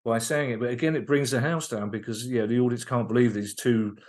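With a mid-range voice and a quick delivery, this male comedian-writer shares funny stories during a casual podcast chat. He's energetic and keen, often breaking off to start a sentence over.

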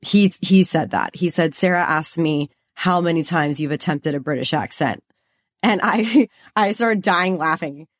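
A woman's voice: sits low, unhurried. A young woman from Los Angeles co-hosting a podcast, talking in a bubbly, chatty way and saying "like" a lot. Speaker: podcast co-host. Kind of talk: casual chat.

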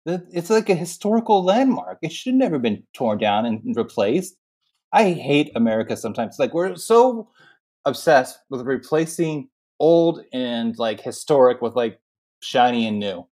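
Animated man ranting on a podcast. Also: medium pitch, moderate pace. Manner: animated, ranting tangents, many "like" fillers. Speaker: podcast co-host. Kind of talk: casual film recap chat.

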